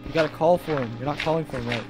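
A man chatting nervously and jokily while gaming with friends. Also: on the high side. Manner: nervous, jokey, quick to bail. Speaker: gamer. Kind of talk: casual gaming chat. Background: game music.

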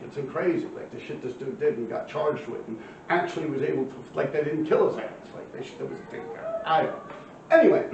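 A man's voice: on the high side, a little hiss or hum. Streetwise New man in his fifties. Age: 50s. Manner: streetwise, profane, rambling with frequent fillers. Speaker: storyteller. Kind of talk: casual storytelling. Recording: echoey, distant, muffled room recording with faint ambience.

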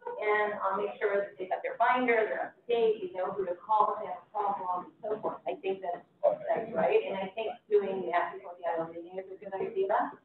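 A woman's voice: mid-range voice, expressive, a little fast, a crowd in the background. Woman talking far off in an echoey room. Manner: rambling, many fillers and restarts. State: throaty morning voice, clearing throat. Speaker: block captain. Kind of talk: community meeting discussion. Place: city meeting room. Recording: echoey hall, far from mic, phone-like.

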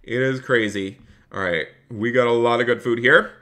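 Against a noisy background, a man with a medium-pitched voice and moderate pace live-streams a game. He chats upbeat with viewers, thanks them by name, and plays a polite police officer when dealing with other players.

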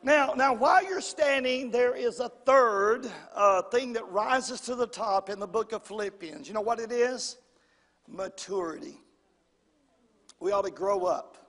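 A man's voice: very high voice, expressive, moderate pace, fairly bright tone. A man preaching a sermon in a folksy way, repeating phrases and calling on the congregation to answer. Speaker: pastor. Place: church sanctuary. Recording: long reverb of a church hall.

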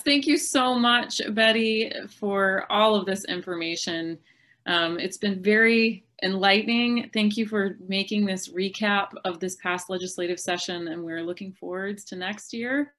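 A woman's voice: mid-range voice, pushed and bright. A woman working as a community liaison, speaking casually and thankfully to a colleague. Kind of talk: casual chat.

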